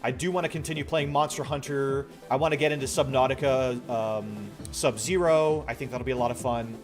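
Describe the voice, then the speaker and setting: A man's voice: medium pitch, a little fast. A man streaming a game, chatting casually and rambling to his viewers, his throat a little strained. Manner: relaxed, rambling, talks to chat. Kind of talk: casual gaming stream chat. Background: faint background music.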